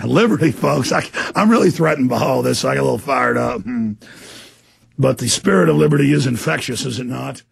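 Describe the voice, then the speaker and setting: A man from the United States delivering an angry political rant, shouting furious tirades and sneering in mocking voices. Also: mid-range voice, quick pace, vocal fry, husky.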